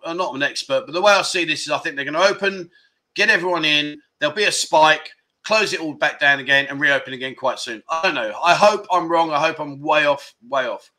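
A British man in his fifties hosts a casual livestream chat show, reading out viewer comments with lots of jokes and rambling asides. His voice is slightly high, with a sharp tone.

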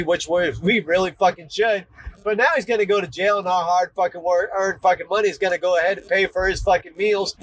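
Angry high-voiced man ranting. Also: a little hiss or hum, rough recording. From Maine, United States. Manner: heavy profanity, shouting in bursts. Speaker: podcast host. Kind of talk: angry recorded rant.

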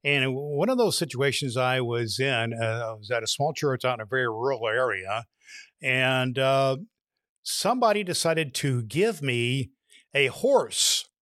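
A man co-hosting a talk show, telling a long joke in a folksy, drawn-out way, now and then shouting the punchlines. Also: mid-range voice, dry recording, clean studio sound. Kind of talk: casual storytelling.

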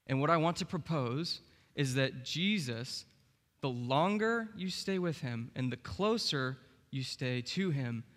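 A man's voice: mid-range voice, a bit bright. A young man preaching a sermon as pastor, in a casual, conversational way with frequent "like" and "okay". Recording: long reverb of a large hall.

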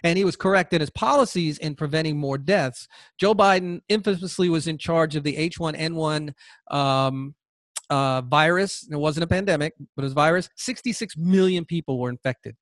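A man's voice: fairly high pitch, moderate pace, dry recording. A man hosting a podcast, delivering a combative, sarcastic political monologue that taunts imagined listeners. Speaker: podcast host.

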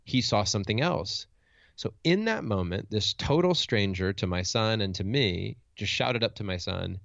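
A man's voice: on the low side, animated, normal speed, creaky, a bit bright, no echo. A middle-aged man, a motivational speaker and coach, telling a personal story in conversation in a reflective, earnest way with frequent restarts, on a dull, dry lo-fi recording.

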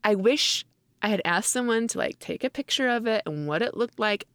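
A woman's voice: fairly high pitch, normal speed, clear, resonant tone, no room sound. Chatty woman podcast host, dry sound. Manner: rambling, animated storytelling with frequent laughs. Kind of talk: casual chat.

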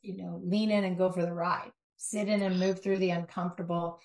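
A middle-aged woman from Southern California, a life coach speaking as an interview guest, emphatic and animated, with quick asides. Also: fairly low pitch, roomy sound. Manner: animated, emphatic storytelling with asides and mock voices. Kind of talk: conversational interview.

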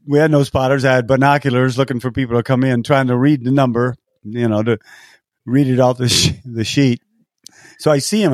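A man's voice: mid-range voice, dry recording, studio quality. Older man, race announcer telling stories. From San Diego, California. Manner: animated, acts out quotes with lifted voice. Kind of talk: storytelling interview answers.

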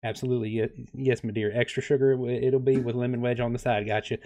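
A drawling Southern mother, fussing over everyone at the dinner table, as a man puts her on. Her voice sits at an ordinary pitch, warm with endearments and quick to boss people around. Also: little pitch movement, close to an everyday voice. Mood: doting. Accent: American Southern, put on. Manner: drawling, endearments like sweetie and honey. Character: fussy Southern mother, middle-aged woman, doting.

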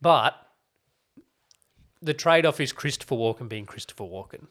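Co-hosting a relaxed podcast that reviews TV shows, a man explains one show at length with wry asides. His medium-pitched voice is expressive and a bit bright, at a moderate pace.

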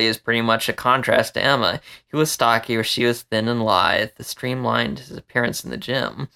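A man reading a story aloud in a plain, steady narration. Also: medium pitch, creaky. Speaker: story reader.

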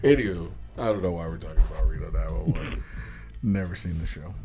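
A man's voice: sits low, fairly quick. A man co-hosting a casual film review podcast, telling stories animatedly and laughing as he goes. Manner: animated storyteller, acts out scenes and laughs. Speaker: podcast co-host.

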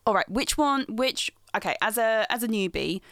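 A young woman co-hosting a casual podcast chat, talking in quick bursts with many restarts and giggles. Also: a little high, lively intonation, a bit bright, no room sound, clean studio sound. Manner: chatty, giggly, lots of restarts and fillers.

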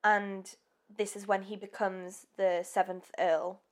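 A woman co-hosting a podcast recounts a case in relaxed, chatty conversation. She fills her pauses with ums and breaks into giggles at her own slips. Her pitch sits in an ordinary middle range. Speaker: podcast co-host. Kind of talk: casual true-crime chat.

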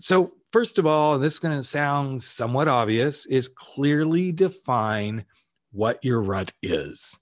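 A man's voice: medium pitch, no room sound. A middle-aged man hosting his own podcast, coaching listeners through numbered steps in a casual, plainspoken way with the odd swear word. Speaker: podcast host, life coach. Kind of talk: solo podcast talk.

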